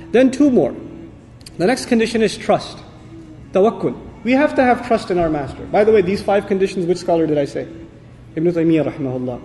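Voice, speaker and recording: A man delivers an earnest, emphatic religious lecture, often asking his listeners questions. His voice sits high for a man but sounds mellow and dark in tone. A long hall reverb trails each phrase. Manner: recites Quranic Arabic verses. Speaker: Islamic lecturer.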